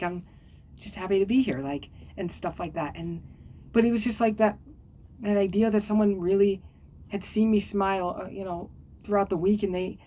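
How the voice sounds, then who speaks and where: A woman vlogger talks casually to her camera at a mid pitch. She rambles with plenty of fillers, "um"s and restarts. Now and then she jumps into squeaky, excited highs. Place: at home on a squeaky chair.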